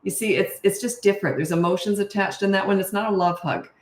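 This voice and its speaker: A middle-aged woman coaching parents in a casual Q&A, blunt and matter-of-fact, now and then acting out short quotes in a higher voice. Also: fairly even intonation, quick pace, slight background noise. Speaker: parenting coach answering viewer questions. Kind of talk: casual live Q&A. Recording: roomy echo.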